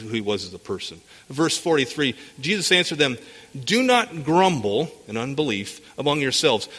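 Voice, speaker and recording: A man delivers a verse-by-verse sermon in a bright, forward voice. He poses rhetorical questions and often repeats words as he restarts. His voice carries a long reverb, as if recorded in a large sanctuary. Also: medium pitch. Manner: expository preaching with rhetorical questions. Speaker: pastor.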